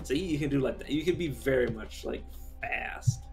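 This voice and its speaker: A man's voice: mid-range voice, moderate pace, soft background music. Chatty man streaming a game. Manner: chatty, rambling, swears casually. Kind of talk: casual gameplay commentary.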